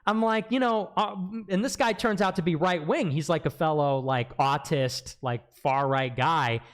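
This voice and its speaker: A man casually telling a story on a livestream, animated, acting out quotes in a raised voice. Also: a little high, unhurried. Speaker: livestream guest.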